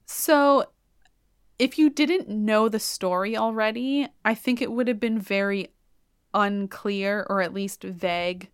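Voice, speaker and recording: A woman's voice: mid-range voice, slow, smooth, no room sound, studio quality. Chatty woman retelling an opera plot. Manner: chatty, animated, peppered with "like". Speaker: podcast host.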